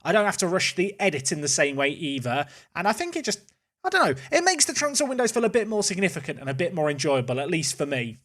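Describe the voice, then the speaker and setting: A man's voice: high-pitched, sing-song, quick pace, fairly bright tone. A man hosting casual gameplay commentary, chatty and thinking aloud as he plays. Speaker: host.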